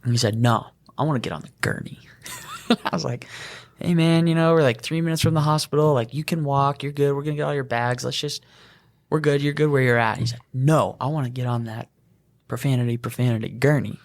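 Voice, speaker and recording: A young man co-hosting a podcast, telling an animated work story and laughing as he goes. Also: mid-range voice, fairly quick, creaky. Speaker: EMT podcast co-host. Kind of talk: casual storytelling chat.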